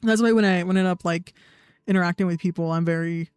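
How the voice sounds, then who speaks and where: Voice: medium pitch, fairly even intonation, quick pace, clear, resonant tone, dry recording. A young adult livestreamer, in blunt, profane, sarcastic casual chat. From United States. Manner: sarcastic, mocking mimicry of others. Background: faint background music.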